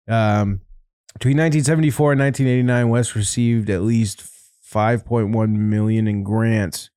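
A man's voice: medium pitch, a little slow, pauses often, dark tone, smooth, no echo, studio quality. A man co-hosting a podcast in casual comedic chat, crude and joking, laughing often. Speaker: podcast co-host.

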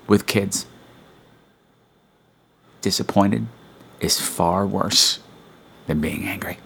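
A man's voice: low-pitched, takes it slowly, vocal fry, pauses often, fairly bright tone, breathy edge. A man hosting his own podcast in casual chat, campy and teasing, scolding his listeners in a mock-stern way. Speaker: podcast host. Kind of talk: casual solo podcast talk.

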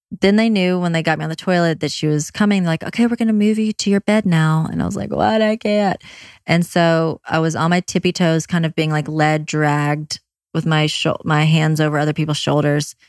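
A woman candidly telling her own birth story, quick and blunt, with swearing and many fillers. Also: low-pitched, steady tone, dry recording, clean studio sound. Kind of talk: personal storytelling.

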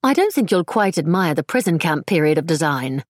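Tart, commanding mother, read by a woman narrator, dry husky voice, storybook audiobook. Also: low voice, big pitch swings, brisk, no room sound. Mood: stern. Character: stern, tart upper-class mother.

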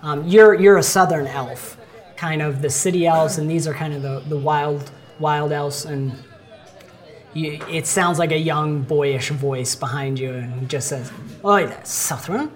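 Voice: medium pitch, fairly even intonation, a little slow, some chatter behind. A game master narrating a tabletop game in a casual, chatty way. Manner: casual, chatty, many fillers and restarts.

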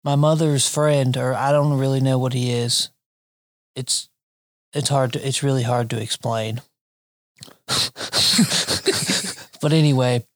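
A man's voice: fairly high pitch, dry recording, clean studio sound. A young man telling a wild family story in casual chat, swearing and laughing as he goes.

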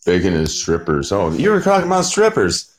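Deep voiced guy clowning around on a podcast, all over the place pitch-wise. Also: huge pitch swings, a little fast. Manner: goofy, playful riffing with silly voices. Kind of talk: casual podcast chat.

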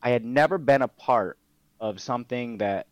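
A man's voice: medium pitch, moderate pace, no room sound. A young man telling stories in a casual interview, laid-back and swearing freely with plenty of fillers. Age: young adult. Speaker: guest, MMA fighter and streamer. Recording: dull, lo-fi dry sound.

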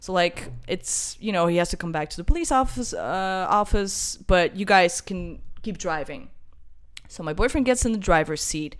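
A young British woman telling a casual travel anecdote, acting out what each person said in lively voices. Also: on the low side, normal speed. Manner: animated storyteller who acts out quoted voices. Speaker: guest telling a travel story.

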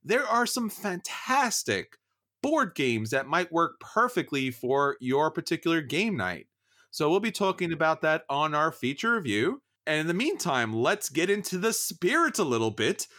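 A male podcast co-host chatting in a joking, animated way. His voice is bright and forceful, set a little high, and it moves through a wide range. Faint music plays behind him. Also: normal speed. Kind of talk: casual chat.

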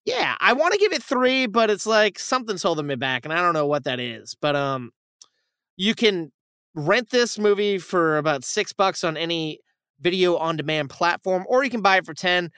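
Smooth and sitting high, the voice of a young film-review podcast host moves at normal speed as he casually retells a plot, rambling and cursing and acting out the quotes with animation. It's a dry, studio-quality recording.

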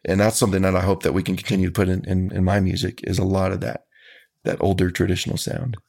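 A man, a country musician, answering interview questions about his music in an earnest, folksy, measured way. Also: sits low, level tone, vocal fry, darkish tone.

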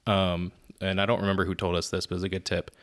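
Low-voiced man telling lively stories. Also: quick pace. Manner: animated storyteller, laughs at his own stories. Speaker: podcast co-host and father. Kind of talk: casual chat.

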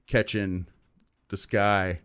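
A man's voice: lowish voice, little pitch movement, very slow, fairly bright tone, smooth. Rambling man telling a story. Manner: rambling storytelling with many fillers. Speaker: podcast host. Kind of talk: casual chat.

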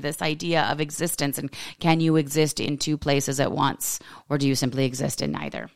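A woman hosts her own podcast, musing aloud in a candid, expressive personal monologue and swearing freely. Her voice has a gravelly fry running under a smooth, resonant tone. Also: sits low, fairly quick, hardly any pauses. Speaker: podcast host.

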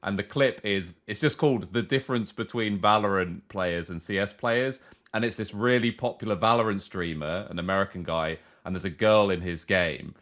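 A man co-hosting a podcast in easy, casual conversation, with a voice pitched lowish. He tells his stories at a relaxed pace. He often laughs at his own anecdotes as they build. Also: moderate pace. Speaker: podcast co-host. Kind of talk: casual chat.

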